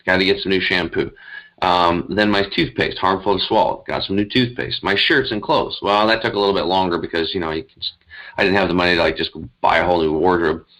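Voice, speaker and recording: A man with a deep, low voice tells his story as a guest. He rambles and talks in an animated, emphatic way. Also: fast, rough recording. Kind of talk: conversational storytelling.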